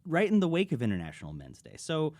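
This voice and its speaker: A young man from Texas co-hosting a podcast, chatting casually and telling lively stories. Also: a little high, fast, no echo. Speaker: podcast co-host. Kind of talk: casual chat.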